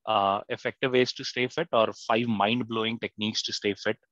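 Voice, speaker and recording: Teaching writing in a live online lecture, a man hesitates, restarts and fills his speech with fillers while often quizzing students. He speaks at normal speed in a fairly low, steady yet fairly bright voice, with no echo but muffled audio from his online class mic.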